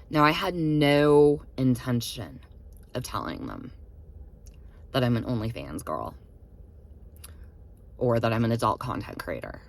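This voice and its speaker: Young woman vlogger, low voice, very expressive pitch, blunt and profane storytelling. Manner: emphatic, swears freely, animated retelling. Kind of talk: casual storytime monologue.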